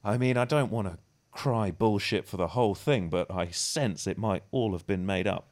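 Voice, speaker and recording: Dry, wry lower-voiced man. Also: moderate pace. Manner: dry, wry reading of articles. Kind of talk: casual podcast banter.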